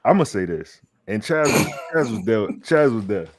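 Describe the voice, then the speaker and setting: A man co-hosting a sports podcast who talks in an animated, casual way, restarting his sentences, repeating words, swearing freely and calling people "bro". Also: lowish voice, normal speed. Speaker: podcast co-host.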